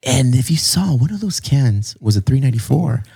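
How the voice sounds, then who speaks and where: A man's voice: medium pitch, sing-song, moderate pace, creaky, dark tone, slightly rough. A man, co-hosting a casual podcast in a laid-back, slangy, profane way. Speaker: podcast co-host. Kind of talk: casual chat.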